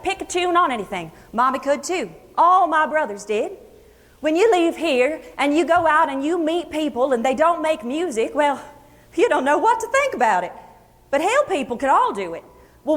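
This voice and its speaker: Before an audience in an echoey luncheon hall with long reverb, an actress speaks in the first person as a historical Kentucky hill-country singer. She is a homespun, plainspoken woman fond of storytelling, using a high, slightly bright female voice with an Appalachian accent. Her manner is folksy and chatty, and she takes her time telling stories.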